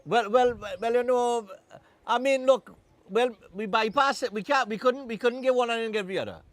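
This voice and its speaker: Trini guy hosting morning tv, fairly high voice, chatty and joking. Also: normal speed. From Trinidad and Tobago. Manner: chatty, joking, loose Caribbean phrasing. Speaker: morning show host. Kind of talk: casual on-air chat.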